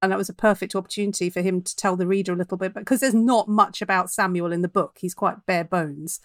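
A woman's voice: mid-range voice, fairly even intonation, quick pace, no echo, studio quality. A woman author talking about her writing in a podcast interview, chatty and reflective, laughing easily. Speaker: author guest.

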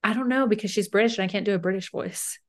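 A woman's voice: mid-range voice, fast. A young woman in her twenties co-hosting a podcast, chatting casually and rambling with lots of fillers and laughter. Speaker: podcast co-host. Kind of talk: casual chat.

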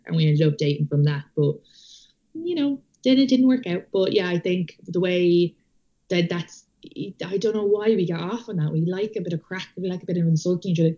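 Irish female co-host, relaxed slangy chatter, lower voice, lo-fi call audio. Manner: laid-back, self-deprecating, slangy. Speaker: podcast co-host. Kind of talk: casual chat over a call. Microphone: video call.

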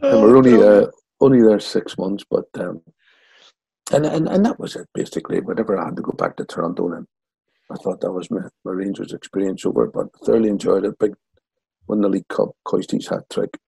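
Older Northern Irish man, guest storyteller, deep gravelly and husky, dry close sound. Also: fairly quick, dry recording, low-quality recording. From Northern Ireland. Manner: lively yarn-spinner acting out quotes. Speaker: guest, former footballer. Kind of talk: anecdotal storytelling.

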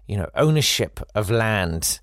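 A man's voice: fairly low pitch, big pitch swings, a little slow, fairly bright tone, dry recording, studio quality. A man hosting a comedy show, delivering a rambling, sarcastic satirical monologue. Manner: wry, rambling, sarcastic asides. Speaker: comedy podcast host.

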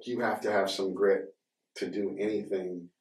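Male podcast host, low-pitched, loose rambling delivery, roomy sound from a distant mic. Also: flat delivery, normal speed, a little mellow. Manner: rambling, with many fillers and restarts. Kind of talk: casual conversation.

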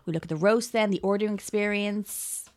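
A woman co-hosts a podcast, chatting in a jokey, playful way. Her voice sits mid-pitch. The mic is close and dry. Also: fairly quick, darkish tone, dry recording. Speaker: podcast co-host. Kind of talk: casual chat.

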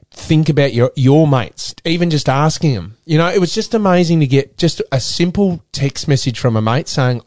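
A middle-aged Australian man, a former footballer turned radio presenter, talking candidly in an interview, earnest and halting with frequent restarts. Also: mid-range voice, a little mellow, dry recording, clean studio sound.

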